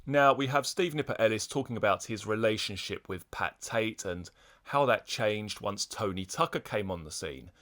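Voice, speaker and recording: A man hosting a podcast, explaining things in a measured way and putting questions to a guest. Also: on the low side, animated, fairly bright tone. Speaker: podcast host and interviewer. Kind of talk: podcast commentary and interview questions.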